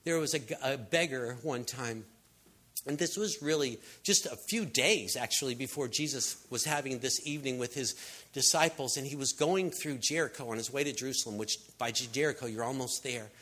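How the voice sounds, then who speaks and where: A preacher gives a sermon in a relaxed, storytelling style, speaking briskly in a medium-pitched voice. He acts out the voices of the people in his stories and shouts to drive points home.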